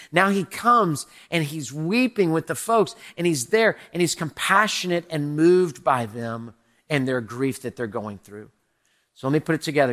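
High-voiced pastor preaching with energy. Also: male voice. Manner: animated, asks repeated rhetorical questions. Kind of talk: Easter sermon. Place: church in front of a congregation.

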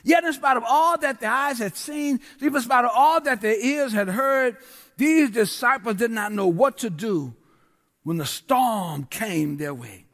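High-voiced preacher in a reverberant church. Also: male voice, lively intonation, measured pace, a bit bright. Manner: rhythmic preaching with repeated refrains and call to the congregation. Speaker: guest pastor. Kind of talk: sermon. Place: large church. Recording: long church hall reverb.

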